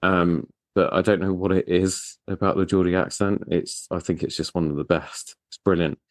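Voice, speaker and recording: Very deep-voiced British host. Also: male voice, steady tone, moderate pace, no room sound, studio quality. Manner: enthusiastic, self-deprecating. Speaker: podcast host. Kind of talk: casual interview chat.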